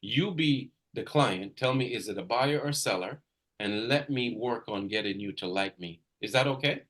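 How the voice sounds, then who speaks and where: A man's voice: fairly low pitch, moderate pace, fairly bright tone. A man coaching real estate agents in a live video session, talking energetically with emphatic bursts and repeating his points. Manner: repeats points for emphasis, direct address to a trainee.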